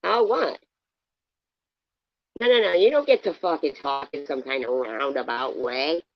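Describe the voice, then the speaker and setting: A woman's voice: deep voice, expressive, unhurried, no room sound. A woman hosting a livestream, arguing heatedly with a caller, cursing and mocking her. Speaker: livestream host. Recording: dull dry lo-fi sound.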